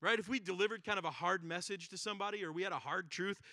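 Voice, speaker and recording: A pastor preaching a sermon in a conversational way, asking rhetorical questions and acting out quoted prayers. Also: male voice, high-pitched, fast, bright, forceful tone, no room sound, studio quality. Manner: conversational, repeats words and acts out quoted prayers; rhetorical questions with frequent "right?" and "like".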